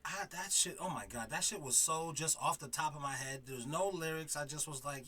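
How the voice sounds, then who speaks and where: A man in his forties trades loose banter as a podcast co-host. His slightly high voice has a very bright edge, and his talk is blunt, profane and full of laughter. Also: fairly quick, hardly any pauses, breathy edge. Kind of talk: casual chat.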